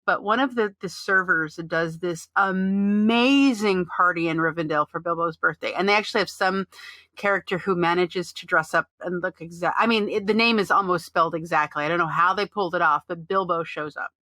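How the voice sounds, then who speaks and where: A woman co-hosts a casual gaming podcast, talking in a loose, rambling way with frequent fillers and restarts. Her voice is bright and forward, and the recording is dry and close. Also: fairly low pitch, brisk, dry recording. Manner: reads out listener chat messages. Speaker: podcast co-host. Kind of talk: casual chat about an online game.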